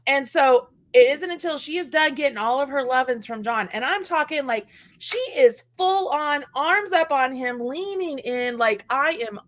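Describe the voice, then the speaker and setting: A woman host in a casual chat, telling animated stories, laughing and mimicking others. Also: high-pitched, normal speed. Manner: animated storyteller, laughs often, mimics voices.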